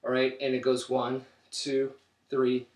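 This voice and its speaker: A man's voice: medium pitch, completely flat delivery, unhurried, darkish tone. A man teaching stick-fighting drills, counting each strike aloud as he demonstrates. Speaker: martial arts instructor. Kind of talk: instructional demonstration. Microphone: camera mic from a distance. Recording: roomy, distant camera audio.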